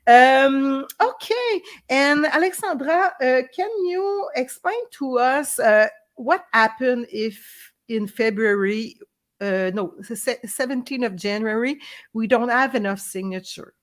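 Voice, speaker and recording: A woman's voice: sits high, expressive, slow pace. A woman veterinarian with a Québécois accent, hosting a casual live stream and switching between French and English, chatty and hesitant with many fillers. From Quebec.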